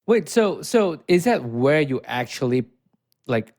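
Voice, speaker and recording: A man's voice: a little high, very animated, a little slow, a little mellow. A man, the show's producer, interviewing the host with eager, interrupting follow-up questions.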